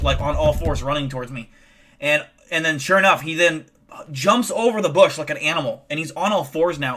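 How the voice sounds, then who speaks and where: A man with a slightly higher voice tells a long story on his stream, casual and full of swearing. He rambles and restarts his sentences often. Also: bright, forceful tone. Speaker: livestream host. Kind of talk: casual chat and tall tale.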